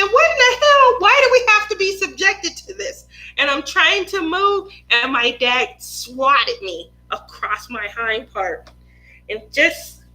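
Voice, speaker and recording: A woman, a mother of two, hosting a craft livestream and telling a family story in a lively, laughing way, often acting out other people's lines. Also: high voice, rough recording. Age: adult mother of two.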